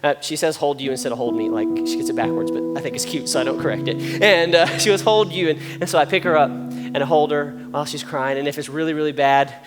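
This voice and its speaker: A man's voice: fairly high pitch, fast, few pauses. A man preaching a sermon in an earnest, conversational way, with rising emphasis on his key points. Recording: long reverb, guitar music behind. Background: soft guitar music.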